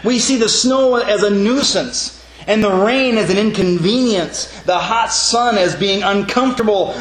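A man's voice: high voice, unhurried, a bit bright. A man preaching a sermon in an earnest manner, often calling his listeners friends. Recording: echoey room with faint background noise.

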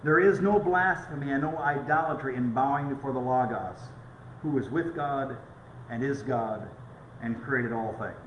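A middle-aged pastor preaching a conversational sermon with stories. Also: male voice, medium pitch, moderate pace, highs cut off, a little hiss or hum. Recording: echoey room.

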